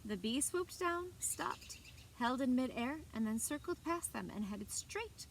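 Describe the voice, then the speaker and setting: A librarian reading a picture book aloud to children, expressive and animated. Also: female voice, high-pitched, measured pace, vocal fry, a little hiss or hum. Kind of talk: children's story time read-aloud.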